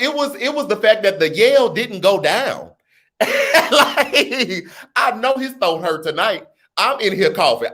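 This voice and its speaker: A man's voice: high voice, a bit bright. A man hosting a casual livestream, reading viewer comments aloud and riffing on them with laughter and slang. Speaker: livestream host.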